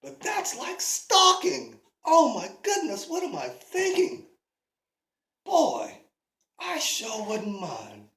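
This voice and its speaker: Woman putting on a smooth-talking hothead dude, lower and slow, roomy echo. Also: wildly swooping pitch, heavily acted. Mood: flirty. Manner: smooth-talking, then yelling. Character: brash flirty hot-tempered man.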